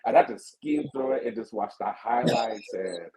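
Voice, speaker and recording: A man's voice: lowish voice, moderate pace. Rambling male caller with crowd noise. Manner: rambling, storytelling, animated impressions. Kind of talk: casual call-in chat.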